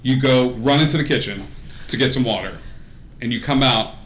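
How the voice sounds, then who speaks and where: Guy running a tabletop game, bright forceful voice, echoey room, lots of uhs. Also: mid-range voice, moderate pace. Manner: laughing often, many fillers. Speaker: game master. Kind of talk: narrating a tabletop game, casual. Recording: echoey room with faint noise.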